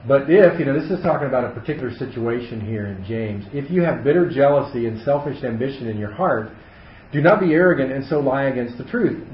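A man's voice: mid-range voice, a little hiss or hum. A man leading a casual Bible study for a small group, thinking aloud with frequent fillers and restarts. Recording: echoey room, muffled audio.

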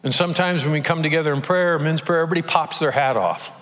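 Talking fast in a somewhat high, slightly bright voice, an older man preaches a conversational sermon as a pastor. He acts out little quotes and gets emotional now and then, and the church auditorium lends the recording a long hall reverb.

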